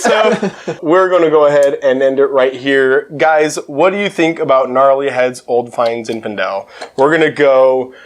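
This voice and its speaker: A man's voice: medium pitch, measured pace. A man hosting a casual chat, telling a funny story with lots of laughter. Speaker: host.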